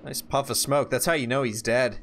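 A man casually commenting while playing a video game for the first time, reacting loudly to surprises and musing quietly in between, a bit tired. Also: mid-range voice, a little fast, faint music behind. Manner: reactive, swings from calm musing to excited shouts. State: tired, yawning. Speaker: gaming YouTuber. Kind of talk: casual let's-play commentary.

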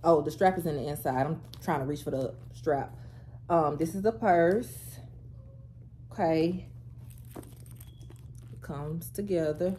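A woman vlogger chatting to camera at home, animated and talkative, calling her viewers y'all, girl and baby. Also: low voice, measured pace, pauses often, a little hiss or hum. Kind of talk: casual get-ready-with-me chat to camera.

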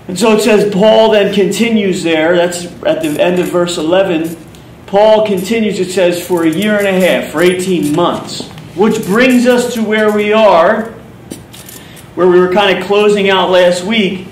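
A man with a Philadelphia accent preaches in a loose, conversational way, repeating words as he retells scripture. His voice sits high for a man. It is caught from a distance in a roomy hall with faint background noise. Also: a little slow. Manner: conversational teaching, paraphrasing scripture with repetitions. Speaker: pastor. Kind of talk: sermon. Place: church hall. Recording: echoey hall from far off.

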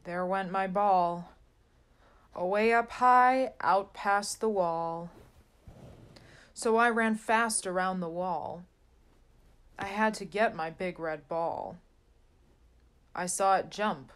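A woman's voice: mid-range voice, slow, pauses often, a bit bright, clear, resonant tone. A woman reading a rhyming children's picture book aloud in a sing-song way. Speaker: storybook reader.

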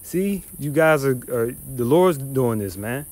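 A man's voice: medium pitch, lively intonation, a little slow, a little mellow. A man teaching the Bible verse by verse, reading passages then ranting in a profane, scornful, emphatic way. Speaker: scripture teacher.

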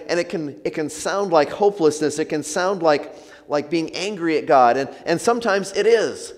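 Earnest preacher in a reverberant sanctuary. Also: male voice, fairly high pitch. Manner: earnest, gentle preaching with soft trailing endings. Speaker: pastor. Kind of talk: sermon. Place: church sanctuary.

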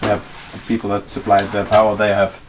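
A Norwegian man working as an electrician, speaking English as a second language, pausing and searching for words in casual chat. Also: lowish voice, completely flat delivery, slight background noise. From Norway.

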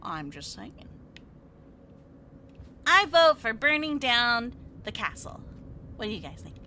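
Live-streaming a game, a woman playfully chats with her viewers, reads chat aloud, and fake-whines and squeals at the action on screen. Her voice is on the high side, very animated, bright and forceful, yet she speaks slowly. There's slight background noise.

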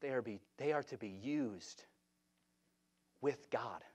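A middle-aged man preaching an impassioned revival sermon in a church, swinging from shouts down to hushed, repeated phrases. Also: medium pitch, slow. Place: church sanctuary.

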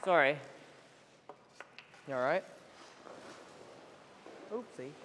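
A young man coaching a goalie on the ice, energetic and playfully teasing between drills, recorded in an indoor rink. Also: a little high, extremely slow. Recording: echoey rink with faint noise.

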